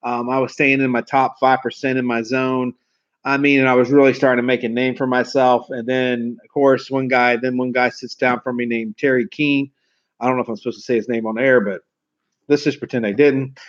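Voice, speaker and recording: Man in his forties, folksy, swears freely, mid-pitched, muffled lo-fi audio. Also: level tone, brisk. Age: 40s. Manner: swearing, folksy, rambling storyteller. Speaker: car sales trainer. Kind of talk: storytelling to camera. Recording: dull lo-fi recording.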